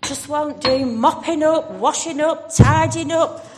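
A woman's voice: high-pitched, noisy background. A woman doing Martha, moaning and fed up. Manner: moaning, complaining, slow and emphatic. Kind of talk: storytelling in church. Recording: reverberant church hall.

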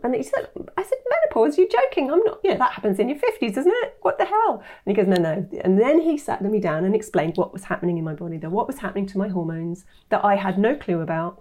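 Woman in her 50s, warm mellow tone, animated storytelling. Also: mid-range voice. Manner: animated, acts out quoted voices. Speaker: guest, nutritionist. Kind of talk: interview storytelling.

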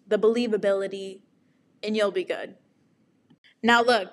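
Slow-talking frank young woman. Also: medium pitch, a bit bright. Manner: frank and profane, laughing at herself, slow deliberate delivery. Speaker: vlogger. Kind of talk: candid personal storytelling to camera.

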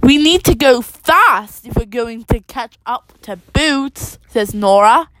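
A woman reading a children's storybook aloud, slowly and carefully, with small restarts. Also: fairly high pitch, expressive, fairly bright tone, no echo, rough recording. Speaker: reader.

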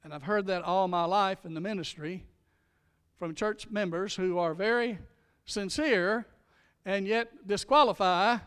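High-voiced man preaching in a reverberant hall. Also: a bit bright, smooth. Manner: emphatic preaching, slowing and speeding for stress. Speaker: pastor. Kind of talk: sermon.

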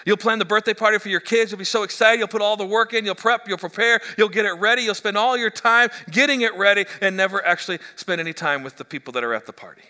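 A middle-aged man preaching a sermon as pastor, animated and joking, stumbling into quick restarts. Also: high voice. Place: church hall. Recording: echoey church hall.

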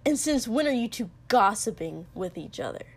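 A woman voicing a surly young man with a low, hoarse, gravelly voice who mutters and swears in a storybook reading. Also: very animated, moderate pace, heavily acted. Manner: muttering, sulky and sharp, swearing. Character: gruff young male warrior, hoarse, surly and crude.

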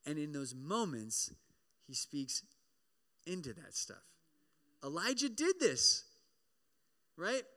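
Bright, slow-talking preacher in a hall. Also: male voice, fairly high pitch. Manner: animated, conversational, often asks "right?"; acts out prayers and voices in quoted lines. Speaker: pastor. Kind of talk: sermon. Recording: long hall reverb.

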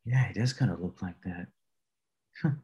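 Male podcast co-host, low gravelly voice, wry asides. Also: normal speed, a little mellow. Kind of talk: casual movie review chat.

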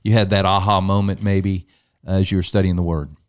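Very deep-voiced man asking questions. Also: level tone, clear, resonant tone. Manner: conversational, halting questions. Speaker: host. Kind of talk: casual interview.

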